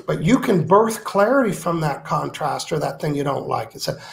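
A man's voice: a little high, animated, normal speed, creaky. A man speaking as a guest author in an interview, emphatic and playful, acting out quoted complaints. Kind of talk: animated interview talk.

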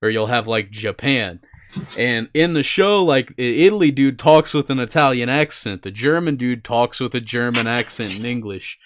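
A man's voice: mid-range voice, animated, normal speed. A young man co-hosting an anime chat, talking casually and rambling with fillers and the odd swear word. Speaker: podcast co-host.

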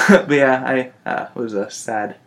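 Gravelly young guy, easygoing banter. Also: medium pitch, measured pace, fairly bright tone. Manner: easygoing, swears casually, laughs a lot. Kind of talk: casual chat.

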